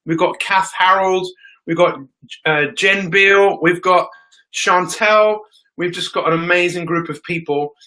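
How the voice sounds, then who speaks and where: An upbeat man runs a live motivational stream, welcoming viewers by name before getting to his talk. His voice is bright and forceful and sits a little high. He speaks into his phone. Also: unhurried, poor audio. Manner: energetic, greets viewers by name. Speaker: motivational show host.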